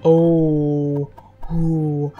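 A woman's voice: low-pitched, little pitch movement, drawn-out words, highs cut off, faint music behind. A woman streamer playing a role-playing game, swearing and muttering irritably at enemies as she plays. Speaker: gameplay streamer. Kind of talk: profane let's-play commentary.

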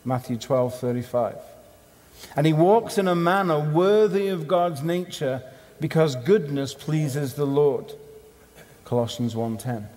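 Man, conference sermon, slightly high voice, punchy emphatic phrasing, long hall reverb. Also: measured pace, darkish tone. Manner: emphatic, rhythmic preaching with short punchy phrases. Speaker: conference speaker.

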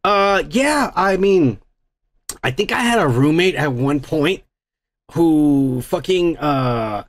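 A man hosting a casual livestream, reading chat messages aloud in a blunt, profane, rambling way while drinking. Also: fairly high pitch. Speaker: host.

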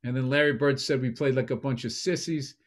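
A man's voice: medium pitch, fairly even intonation, a little fast. A man hosting a casual podcast as a comedian, blunt and profane, needling his co-host.

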